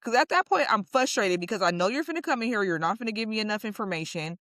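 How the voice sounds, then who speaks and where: Woman, podcast co-host, blunt, candid, bright tense voice, dry recording. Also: medium pitch, lively intonation, fast, no echo. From United States. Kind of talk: casual podcast conversation.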